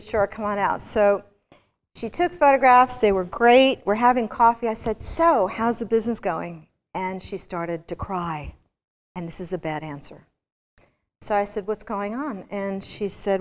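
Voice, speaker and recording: A woman with a fairly high voice delivers a motivational business lecture. She tells stories with energy and keeps asking the audience questions. Her voice rings out with the long reverb of a big lecture hall.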